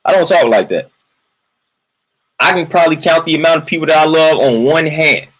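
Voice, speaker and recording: A man's voice: fairly high pitch, lively intonation, a little fast, a bit bright, rough recording. A man venting in a casual livestream monologue. He repeats his points emphatically, keeps tagging lines with "man" and greets viewers from the chat in between. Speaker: livestream host.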